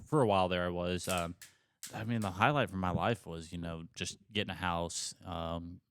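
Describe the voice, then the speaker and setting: A man in his twenties on a podcast, telling a story in casual chat, animated, heavy on swearing and fillers. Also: sits low, moderate pace, slight background noise. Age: 20s. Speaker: podcast co-host.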